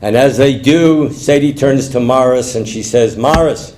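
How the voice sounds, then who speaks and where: An older man telling jokes to a live audience in an animated storytelling manner. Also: mid-range voice, normal speed, slight background noise. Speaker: stand-up comedian.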